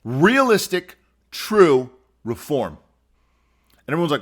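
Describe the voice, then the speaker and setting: A man delivers a solo podcast monologue in a voice pitched a little above the usual male range. He talks earnestly, repeats phrases for emphasis, and swings between forceful pushes and quiet, lowered stretches. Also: animated, moderate pace. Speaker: podcast host.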